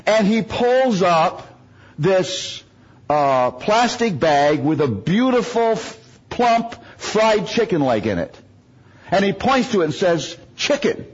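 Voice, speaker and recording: A man's voice: high voice, very animated, slow pace, husky, lo-fi sound. A man from the United States preaching a sermon, telling humorous stories and making self-mocking jokes.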